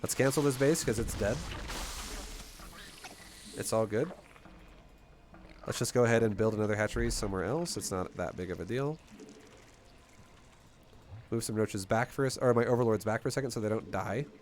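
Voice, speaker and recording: Blunt, energetic man coaching a strategy game. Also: lowish voice, normal speed, long pauses, a little hiss or hum. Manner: energetic, blunt, swears casually. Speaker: gameplay coach. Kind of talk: casual live game commentary and teaching.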